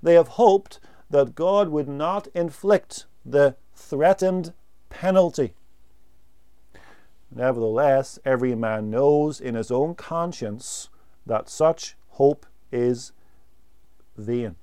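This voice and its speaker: A man preaching a sermon, slow and deliberate, pausing to stress single words. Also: mid-range voice, warm tone, clear, resonant tone.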